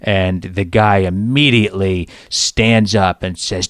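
A man's voice: sits low, steady tone, slow, no room sound, studio quality. A middle-aged man hosting a podcast, telling stories in a wry, exasperated way during casual chat. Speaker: podcast host.

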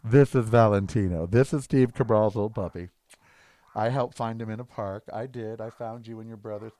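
A man's voice: fairly low pitch, steady tone, moderate pace, dark tone, no room sound. A man vlogging at home, giving indignant, rambling political commentary with emphatic outbursts.

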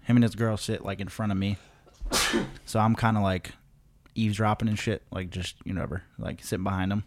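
A man with a fairly low voice, chatting casually on a podcast. He spins a story loosely, swears freely and leans on "like" and "you know" as he goes. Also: level tone, fairly quick, a little hiss or hum. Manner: loose, profane, laid-back storytelling with many fillers. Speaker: podcast co-host.

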